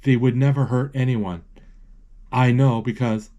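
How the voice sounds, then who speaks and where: A man reading out a young girl's earnest speech to a crowd, deliberate and pleading, in his own slow voice. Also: medium pitch, fairly even intonation, mellow, muffled recording, lightly acted.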